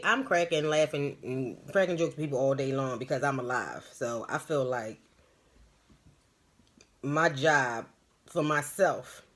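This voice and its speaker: A woman's voice: very deep voice, a bit bright. A woman hosting a live stream as a spiritual medium, telling stories and giving advice in a rambling, emphatic, slangy way.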